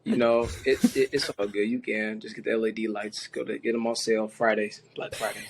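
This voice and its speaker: A man's voice: lowish voice, little pitch movement, fairly quick, background noise. A man on a casual podcast panel, talking in an earnest and reflective way.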